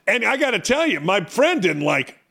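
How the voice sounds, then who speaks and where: A man's voice: sits high, big pitch swings, a little fast, bright, forceful tone, husky. A middle-aged man hosting a sports talk show, ranting in an opinionated monologue, mocking himself and hammering rhetorical questions.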